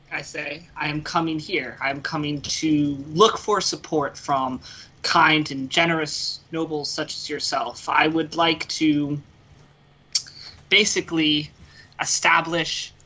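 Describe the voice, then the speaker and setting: A player with an American accent voicing an earnest priest adventurer, pleading haltingly with many pauses. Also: mid-range voice, bright, forceful tone, low-quality recording. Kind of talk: tabletop game role-play.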